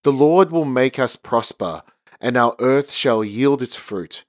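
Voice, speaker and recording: A man's voice: mid-range voice, lively intonation, no room sound. Man reading scripture in a dry room. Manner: measured, formal reading. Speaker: lector.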